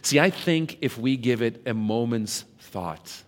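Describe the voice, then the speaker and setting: A man giving a reflective devotional talk, reading scripture questions slowly and dramatically. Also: medium pitch, animated, long reverb tail. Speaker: preacher.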